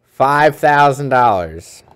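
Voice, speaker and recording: A man's voice: mid-range voice, animated, takes it slowly, a bit bright, clear, resonant tone. A man co-hosting a casual gaming livestream, reading out donations with a dry, teasing manner. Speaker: livestream co-host. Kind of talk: casual tech news livestream chat.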